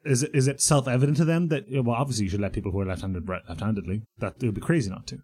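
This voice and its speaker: A man co-hosting a casual podcast chat, telling relaxed anecdotes. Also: medium pitch, racing, husky. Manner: easygoing anecdotal storytelling, laughs often. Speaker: podcast co-host.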